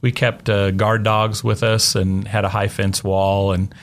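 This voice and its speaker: A man, a missionary guest on an interview show, telling stories in an unhurried way with many "uh"s and "you know"s. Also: on the low side, level tone. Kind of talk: casual storytelling interview.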